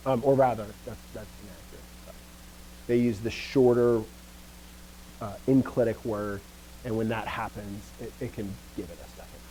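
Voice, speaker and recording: Over poor audio with slight background noise, a man teaches a Greek lesson casually, correcting himself as he goes and often pausing to check in with the class. He acts out emphasis by saying stressed words louder and higher.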